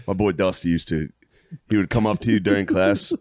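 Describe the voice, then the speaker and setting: A man's voice: low-pitched, steady tone, a little fast, a little mellow. A man co-hosting a comedy podcast, telling funny stories in casual chat and laughing at his own jokes. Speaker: podcast co-host.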